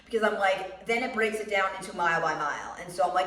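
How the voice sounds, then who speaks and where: A young American woman vlogging about running, talking bluntly and swearing freely as she tells animated stories. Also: medium pitch, a little fast. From United States. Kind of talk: casual chat. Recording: roomy sound, mic somewhat distant.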